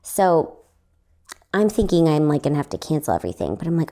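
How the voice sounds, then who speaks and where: A young woman telling a story in a casual, rambling way, her voice slightly raspy and hoarse, laughing often. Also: low voice, very animated, fairly quick, warm tone. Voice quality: slightly raspy, recovering from lost voice. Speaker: podcast host and stand-up comedian.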